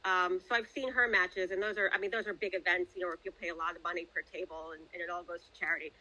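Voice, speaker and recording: A woman's voice: lowish voice, steady tone, quick pace, pushed and bright, rough recording. Chatty middle-aged woman author. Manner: chatty, hesitant, many fillers. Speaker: guest author. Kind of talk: casual podcast interview.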